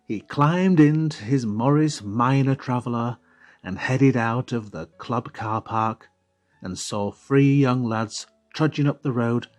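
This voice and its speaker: A man narrating an audiobook in a measured, wry storytelling manner. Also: medium pitch. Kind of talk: scripted narration.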